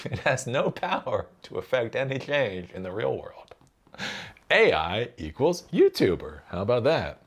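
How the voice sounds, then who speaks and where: Sarcastic ranting man with lively pitch. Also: unhurried, breathy edge. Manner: sarcastic, profane, mocking; repeats phrases and rhetorical "right?". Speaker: tech commentary host. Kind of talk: ranting solo commentary.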